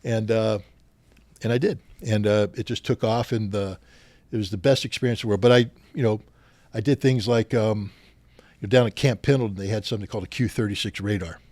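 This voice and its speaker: Middle-aged male guest, low voice, dry close sound, animated storyteller who gets louder at the clashes. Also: a little fast, no room sound. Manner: animated anecdotes, louder when retelling confrontations. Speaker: podcast guest. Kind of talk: storytelling interview.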